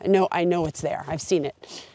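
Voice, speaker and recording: Out on a long hiking trail, a woman talks to her camera in an earnest, open, heartfelt way. Her voice is deep and warm, and she speaks fairly quickly as she reflects.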